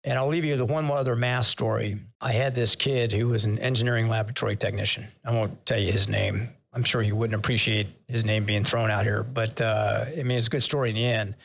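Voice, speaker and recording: Gravelly retired admiral telling stories. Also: male voice, on the low side, fairly even intonation, brisk, few pauses. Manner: candid, anecdotal, emotional when recalling sailors. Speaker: retired vice admiral, podcast guest. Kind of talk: conversational interview storytelling.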